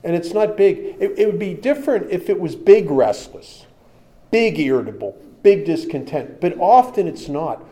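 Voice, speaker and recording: Man, recovery-story speaker; plain-spoken, humorous, slightly higher voice. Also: normal speed, few pauses. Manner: plain-spoken and humorous, shifting between lively and quiet. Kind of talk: personal storytelling talk.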